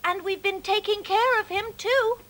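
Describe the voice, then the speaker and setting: A woman voicing a small, brave young girl mouse in a storybook, squeaky and eager. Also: normal speed, fairly bright tone.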